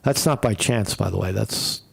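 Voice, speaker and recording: A man's voice: lowish voice, normal speed, gravelly, husky. A man hosting a casual political commentary stream, rambling and blunt with frequent swearing. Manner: blunt, profane, rambling opinions. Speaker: host.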